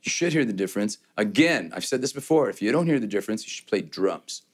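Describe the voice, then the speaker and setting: A man's voice: fairly low pitch, lively intonation, quick pace. A man casually demoing a guitar, loose and joking, rambling with restarts and fillers. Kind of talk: casual gear demo chat.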